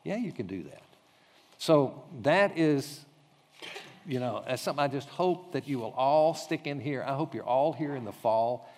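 A pastor leading a training class, telling a story in a conversational way with frequent fillers and restarts. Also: male voice, mid-range voice, animated, moderate pace, darkish tone. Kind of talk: teaching talk with a personal anecdote. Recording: long hall reverb.

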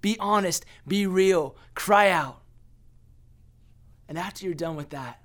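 A man's voice: high-pitched, slow pace, long pauses, music in the background. A young man giving an earnest sermon as a pastor, often restarting and repeating words.

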